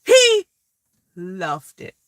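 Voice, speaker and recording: A woman telling stories in a blunt, animated and profane way. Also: medium pitch, very slow, no echo. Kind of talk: casual storytelling.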